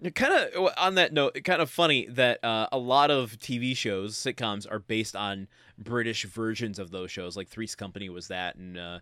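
Bright-voiced man in casual chat. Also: fairly low pitch, normal speed, no echo, clean studio sound. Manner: laughs often, offers playful theories. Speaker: podcast co-host.

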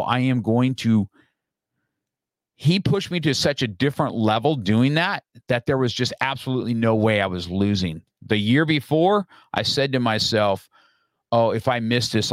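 A middle-aged man on a podcast, telling a story in a lively, casual way and acting out his own lines from the past. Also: mid-range voice, no echo. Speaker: podcast guest.

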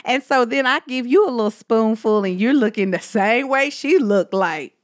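A woman in her thirties co-hosting a casual podcast, telling animated stories and talking straight to her listeners. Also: mid-range voice, moderate pace, no echo, clean studio sound. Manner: animated storyteller, addresses listeners as y'all. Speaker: podcast co-host. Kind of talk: casual chat.

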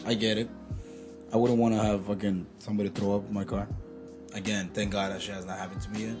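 A man's voice: fairly low pitch, flat delivery, quick pace, over music. A man in casual podcast chat, blunt and profane. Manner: blunt, profane, laid-back. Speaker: podcast co-host.

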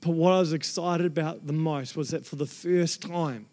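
A man preaching a sermon, telling a family story with lively acted-out voices. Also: fairly high pitch, moderate pace. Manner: animated storyteller acting out quoted family voices. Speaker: pastor.

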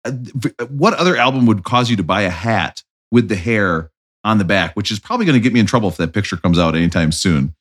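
A man's voice: fairly low pitch, fast. A man hosting a podcast, telling jokey stories in casual chat. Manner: joking, animated storyteller. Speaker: podcast host.

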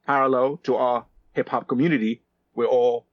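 A man in his fifties, a podcast guest, telling animated stories with many restarts and "you know"s. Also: medium pitch, moderate pace, no room sound. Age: 50s. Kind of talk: casual storytelling interview. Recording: dry dull lo-fi sound.

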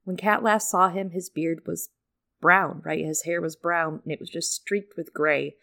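A woman's voice: lowish voice, steady tone, a little slow, gravelly, sharp tone. A woman co-hosting a casual book podcast, summarizing chapters with swearing and frequent laughter. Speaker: podcast co-host.

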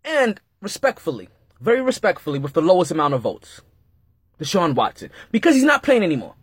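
A man with a husky, fairly high voice hosts a casual sports podcast monologue at a fairly quick pace. Loose and animated, he repeats himself and tosses in jokey asides while his pitch leaps up and down. The recording is dry and close.

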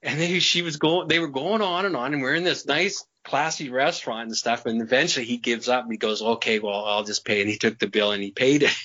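A man's voice: medium pitch, fairly quick, few pauses, bright, forceful tone, slightly rough. A man being interviewed, telling a long personal story in a casual, rambling way, repeating words and laughing between sentences. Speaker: interview guest. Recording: slightly muffled lo-fi audio.

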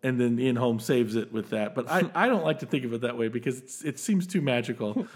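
Animated, laughing film podcast host man. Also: medium pitch, fairly quick, slightly rough. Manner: animated, enthusiastic, laughs often, many restarts. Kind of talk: casual film discussion.

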